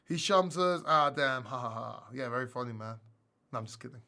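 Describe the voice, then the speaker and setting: A man from Greece hosting a crypto live stream, chatting casually and answering viewer questions in an animated, self-mocking way with frequent laughs. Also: mid-range voice, brisk, vocal fry. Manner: animated and self-mocking, laughs often, bursts into loud acted outbursts.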